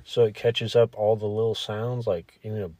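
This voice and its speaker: A man co-hosting a podcast in casual chat, low-key and dryly self-deprecating. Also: little pitch movement, normal speed, dark tone, dry recording. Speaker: podcast co-host. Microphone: studio microphone.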